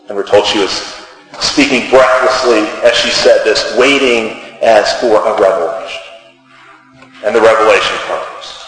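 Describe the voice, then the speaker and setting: A man's voice: lowish voice, measured pace, soft background music. Man preaching in a very echoey hall. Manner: acts out quoted characters, rising to near shouts. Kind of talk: sermon retelling a short story.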